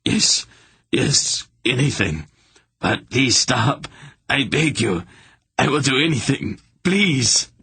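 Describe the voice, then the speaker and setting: A man's voice: medium pitch, big pitch swings, takes it slowly, creaky, bright, forceful tone, slightly rough, dry recording, pitched above the performer's own voice, exaggerated voice. A man voicing a terrified bald old male hierarch who wails, begs and stammers. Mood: begging. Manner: wailing, begging, stammering.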